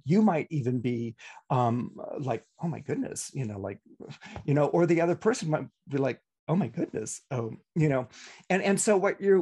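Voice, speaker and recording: A man's voice: fairly high pitch, a little mellow, slightly rough. A middle-aged man, an astrologer, talking casually on a podcast with many restarts and playful asides. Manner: chatty, many restarts and acted-out quotes.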